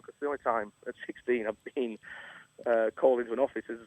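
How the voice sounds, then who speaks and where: A man's voice: medium pitch, steady tone, fast, darkish tone, dry recording, rough recording. A middle-aged man from England, a chef telling a story as a radio guest, acting out quotes and laughing often. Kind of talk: casual storytelling interview. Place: radio studio. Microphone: studio microphone.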